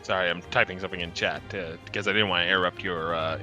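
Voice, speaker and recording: A man's voice: sits low, fairly even intonation, fast talker, pushed and bright, soft background music. A man commentating and interviewing racers after a race, chatty and rambling, laughing often. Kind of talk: casual post-race interview.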